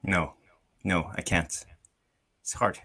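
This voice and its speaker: Co-host, male, low but bright tone, brief agreeable replies in a casual chat. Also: little pitch movement, slow pace. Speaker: fan channel co-host. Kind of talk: casual live-stream chat.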